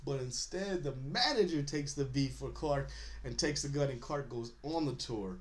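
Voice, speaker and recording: Animated man recapping a TV episode. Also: mid-range voice, moderate pace. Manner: animated, laughs often, acts out characters' lines. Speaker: podcast host.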